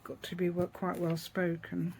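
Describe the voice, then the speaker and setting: Woman with East Midlands accent, craft tutorial chat, gravelly voice, faint room hiss. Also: on the low side, completely flat delivery, normal speed, darkish tone, low-quality recording. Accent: East Midlands English. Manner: chatty, rambling, asks tag questions, laughs often.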